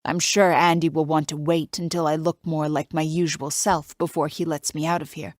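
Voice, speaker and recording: A woman narrating a suspense audiobook in the first person, her low voice tense and confiding. The recording is dry and close, with no room around it. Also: level tone, moderate pace, no room sound. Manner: tense, confiding inner monologue.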